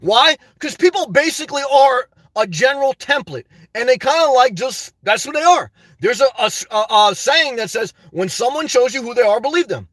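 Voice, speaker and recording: High-voiced man ranting to camera. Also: lively intonation, moderate pace, few pauses, fairly bright tone, no room sound. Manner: rambling, storytelling, frequent "guys" asides and laughs. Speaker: YouTuber. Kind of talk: casual venting monologue to camera.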